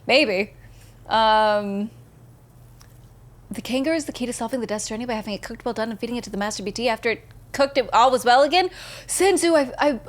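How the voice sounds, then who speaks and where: A woman live-streaming a game, chatting casually, laughing often and reading viewer messages aloud. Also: on the high side. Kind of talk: casual live-stream chat while gaming.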